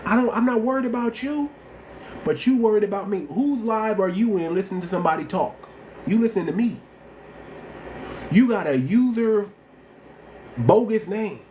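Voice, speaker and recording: A man's voice: high voice, moderate pace, long pauses, a little hiss or hum. A man with a slight lisp hosting a livestream, talking bluntly and repeating himself in casual slang. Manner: blunt, repetitive, animated slang-heavy talk. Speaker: livestream host.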